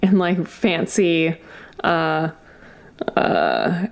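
A woman's voice: sits low, sing-song, drawn-out words, vocal fry. A woman playing a tabletop game, chatting casually and searching for words with many likes. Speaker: player.

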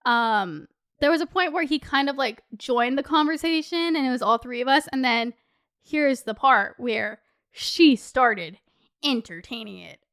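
A woman in her twenties hosts a podcast, her high, slightly bright voice moving at normal speed. She tells a story casually and chattily, swearing often and saying "like" a lot.

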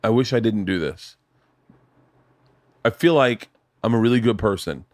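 A man hosting a podcast in a casual chat from his home studio, telling loud, profane stories and acting out the people in them. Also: on the low side, expressive, normal speed, dry recording. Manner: loud, profane storytelling with acted-out quotes. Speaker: podcast host.

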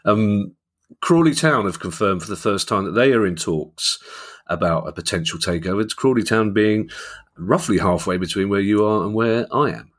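Husky-voiced London man co-hosting. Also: lowish voice, moderate pace. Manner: jokey, anecdotal. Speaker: podcast co-host. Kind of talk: casual chat.

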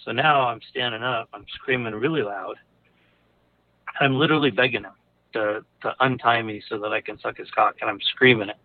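A man's voice: mid-range voice, normal speed, no room sound. A man casually telling a personal story, rambling with lots of fillers and restarts. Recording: narrow phone-like audio.

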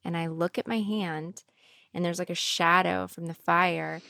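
A woman's voice: lowish voice, unhurried, creaky, dry recording, clean studio sound. A woman hosting a podcast, telling a spooky personal story in casual chat, acting out quotes, with lots of fillers. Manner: animated storyteller, acts out quotes; many fillers, 'like' and 'um'. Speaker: podcast host.

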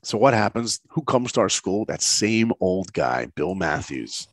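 A middle-aged man telling a personal story in conversation, lively and acting out the voices of people he quotes. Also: deep voice, a little slow, dry recording. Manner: lively, acts out quoted voices, laughs often. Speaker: guest storyteller.

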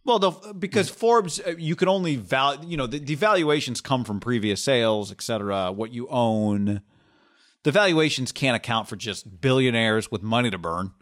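A man's voice: medium pitch, moderate pace, fairly bright tone. A man co-hosting a sports podcast, talking things through in a casual, opinionated way with frequent restarts. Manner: opinionated, thinks aloud with restarts. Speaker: sports talk podcast co-host.

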